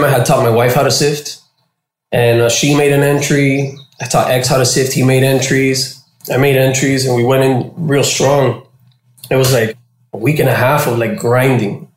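A man telling a story as an interview guest, casual and animated, swearing and acting out what others said. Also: medium pitch. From Florida. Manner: animated, swearing, acts out quoted voices. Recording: echoey room.

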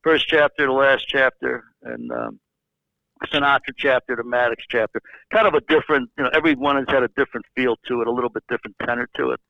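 A man's voice: medium pitch, animated, fast talker, gravelly, no echo. An older man, a former baseball executive, telling long anecdotes in a rambling way with many fillers and restarts. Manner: rambling storyteller who repeats words and uses many fillers. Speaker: interview guest, former baseball general manager. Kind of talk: casual anecdotal storytelling. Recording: slightly dull lo-fi sound.

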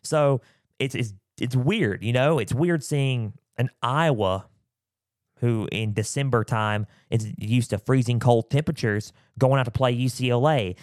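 A man's voice: mid-range voice, unhurried, a little mellow, no room sound, studio quality. A man hosting a casual sports talk show, rambling and repeating himself with lots of fillers while his throat keeps getting scratchy. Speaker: podcast host. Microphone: close mic, sometimes turning away.

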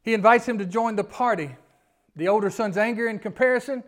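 A man's voice: high voice, fairly quick, a bit bright. A man preaching a sermon in a church, folksy in manner and often asking his congregation questions. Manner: folksy, asks the congregation questions, pleading rises. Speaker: pastor. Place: church sanctuary.

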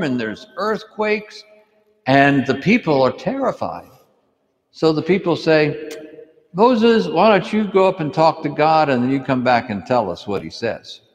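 A priest reads the gospel and then tells the children a story, his voice swinging up and down with animation. His pitch sits mid-range for a man. Long reverb from the church trails behind every word. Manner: animated storytelling, asks kids questions. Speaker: priest or deacon. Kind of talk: gospel reading and children's homily.

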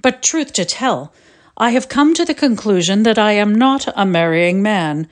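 A woman reading out a man's formal letter breaking off an engagement, in a measured voice. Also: mid-range voice, animated, close to an everyday voice. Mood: regretful. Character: man writing a polite breakup letter.

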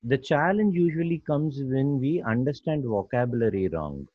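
A man's voice: medium pitch, expressive, moderate pace, no echo. A man teaching about awareness, explaining step by step and acting out little stories. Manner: didactic, repeats points, acts out quotes. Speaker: guest speaker. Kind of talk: explanatory talk with storytelling. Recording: dull lo-fi recording, faint music.

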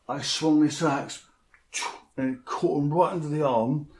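Bloke telling his story straight, bit of swearing, slightly high voice. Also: fairly even intonation, measured pace, a little mellow, breathy edge. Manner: blunt, vivid storyteller who swears freely. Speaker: interviewee. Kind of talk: telling a personal story in an interview.

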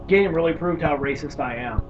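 A man chatting casually about tabletop horror games, an animated storyteller who swears freely. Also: a little high, brisk, soft background music. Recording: distant dull mic with faint background noise.

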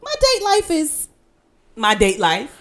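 Lively woman co-hosting a couple's podcast. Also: sits high, slow pace, over a noisy crowd. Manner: laughing, lively, playfully assertive. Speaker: podcast co-host. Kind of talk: casual couple's podcast chat.

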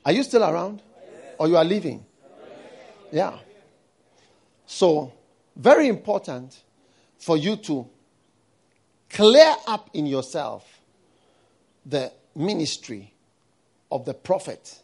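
A man's voice: on the high side, big pitch swings, takes it slowly, creaky, long pauses, a little mellow, husky. A man preaching a sermon in a studio, emphatic, repeating words and firing rhetorical questions at his listeners.

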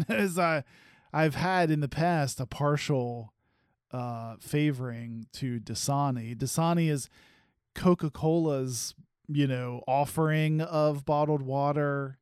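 A man competing in a trivia game, joking and thinking out loud as he weighs his answers. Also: a little high, measured pace, smooth, no echo, clean studio sound. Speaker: contestant. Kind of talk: casual game banter.

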